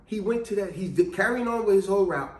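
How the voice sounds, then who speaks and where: Animated man telling a story. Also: sits high, fast talker, reverberant. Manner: animated, chatty, laughing. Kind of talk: casual storytelling.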